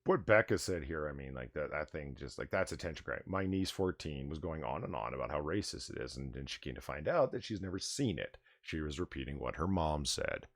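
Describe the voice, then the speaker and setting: A man hosting a casual late-night livestream chat, animated and blunt, swearing and reading out viewer tips. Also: very deep voice, a little fast, hardly any pauses, no echo, clean studio sound. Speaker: livestream bar host.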